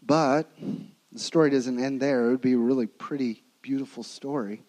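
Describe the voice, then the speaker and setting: A man preaching a sermon, telling the story dramatically and swinging between emphatic lines and hushed ones. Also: medium pitch, fairly even intonation, normal speed, low-quality recording.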